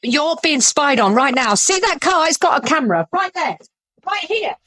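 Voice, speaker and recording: High-pitched, agitated older British woman ranting. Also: very animated, normal speed, sharp tone, dry recording, low-quality recording. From Britain. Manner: agitated, insistent conspiratorial ranting. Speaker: passerby confronting a driver. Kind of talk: street confrontation clip.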